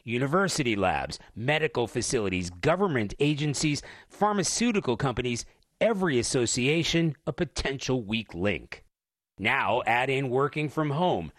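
A man's voice: mid-range voice, sing-song, normal speed, a bit bright, no echo, clean studio sound. A male news correspondent narrating a report with punchy, dramatic phrasing. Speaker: foreign correspondent.

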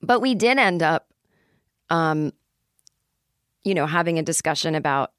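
A woman in her forties hosts a podcast, rambling through a loose, self-mocking comedy monologue in chatty bursts. Her voice is slightly low yet a bit bright, clear and resonant, and she speaks expressively at a slightly slow pace. The recording is close and dry, with no echo or room sound.

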